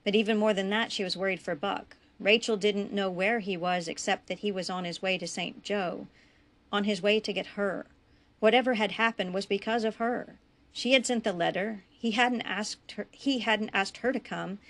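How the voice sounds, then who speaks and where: A woman reading her own western story aloud in a measured, even narration. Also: medium pitch.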